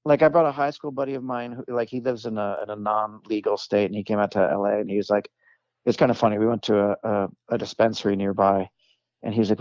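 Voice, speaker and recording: A man, a comedic actor, tells a long anecdote as a guest on a chat podcast. He rambles with fillers and restarts and slips into quick voices for the people in his story. The sound is close and dry, a bit dull and lo-fi. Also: on the low side, a little mellow, dry recording. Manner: rambling, many "like"s and restarts, acts out quoted voices.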